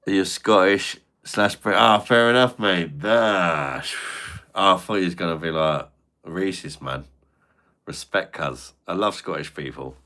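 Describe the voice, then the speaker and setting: A man's voice: low voice, measured pace, bright, forceful tone. A man, chatting live to his viewers in crude, slang-heavy joking banter full of swearing. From Britain. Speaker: live streamer reading chat. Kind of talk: casual live-stream chat.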